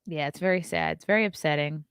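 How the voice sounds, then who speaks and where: A woman's voice: sits low, fast talker, fairly bright tone, clear, resonant tone, dry recording, studio quality. A woman in her thirties hosting a casual morning talk stream, reading news and answering chat comments with blunt opinions. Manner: chatty and opinionated, reacts to chat, yawns often.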